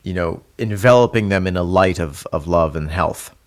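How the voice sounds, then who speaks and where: A man's voice: low voice, normal speed. A man co-hosting a podcast, explaining ideas thoughtfully in casual chat. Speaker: podcast co-host.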